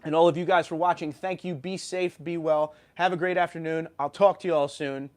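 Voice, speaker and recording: A man's voice: on the high side, steady tone, fairly quick. A man from New York hosting a livestream, ranting animatedly and reading viewer comments, with a sore throat after being sick. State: sore throat, just recovered from illness. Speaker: YouTube channel host.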